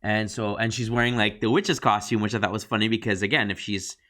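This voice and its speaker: A man with a fairly low voice talks through a show's episode on a casual review podcast. He retells scene after scene and drops into quoted lines of dialogue. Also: steady tone, quick pace, bright, forceful tone. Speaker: podcast co-host.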